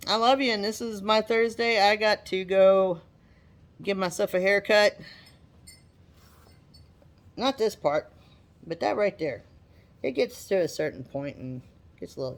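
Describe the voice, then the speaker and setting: Chatty woman vlogger with a drawl. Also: fairly low pitch. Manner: chatty, animated, repeats herself. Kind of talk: casual talk to camera.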